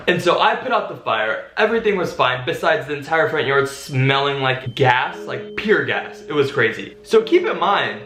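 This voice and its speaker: A young man in a casual storytime vlog, telling a story in an animated, dramatic way. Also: medium pitch, moderate pace, hardly any pauses, reverberant. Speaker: vlogger.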